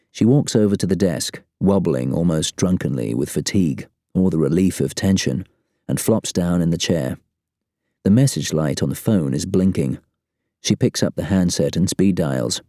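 A man narrating an audiobook thriller in a steady, even-paced reading voice. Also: low-pitched, no echo, clean studio sound. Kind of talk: scripted narration.

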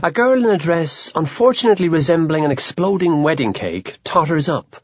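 A man narrating an audiobook in a wry, expressive way. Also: on the high side, fairly quick, dry recording, dull audio.

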